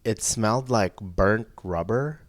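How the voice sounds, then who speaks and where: A man telling a personal story in casual chat, animated and breaking into laughs. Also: on the low side, slow pace. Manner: animated, laughs between lines, rising into excited outbursts. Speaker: podcast guest telling a story.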